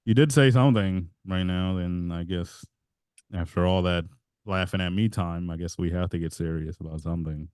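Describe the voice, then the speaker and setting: A podcast co-host in casual chat tells a rambling story, interrupting himself and laughing mid-sentence. His low, slightly mellow voice moves at a normal speed with a clean tone, in a dry, studio-quality recording.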